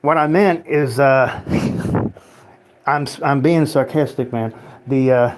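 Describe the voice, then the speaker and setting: A man's voice: medium pitch, steady tone, takes it slowly, pauses often. Man rambling and sarcastic on a livestream. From United States. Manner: rambling, sarcastic, swears and laughs often. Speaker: livestream host reading chat. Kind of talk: casual rambling livestream chat.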